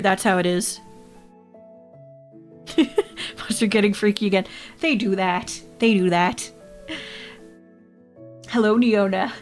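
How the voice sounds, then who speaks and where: A woman from Canada, chatting casually with her livestream chat, rambling and laughing often. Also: medium pitch. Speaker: VTuber streamer.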